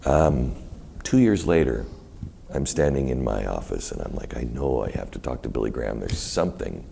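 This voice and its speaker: A very deep, gravelly male voice carries a rambling onstage story, his pitch swinging widely as he acts out what others said. He sounds middle-aged, speaking at a university event before an audience. A faint hiss sits beneath the room sound. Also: moderate pace. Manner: animated, rambling storyteller who quotes others in many voices. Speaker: guest. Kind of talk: storytelling in a live onstage conversation.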